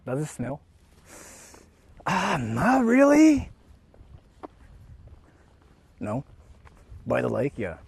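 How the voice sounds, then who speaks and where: A man's voice: on the high side, huge pitch swings, extremely slow, vocal fry, pauses often, darkish tone, husky. A young man walking around outdoors and chatting loosely with his live-stream viewers, filling his talk with "like" and restarts. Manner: loose, rambling, heavy on "like" fillers.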